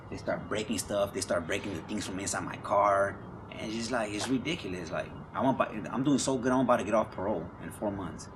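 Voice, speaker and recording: A young man telling his life story in a candid interview, talking in street slang, repeating words and acting out what others said. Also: lowish voice. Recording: noisy background.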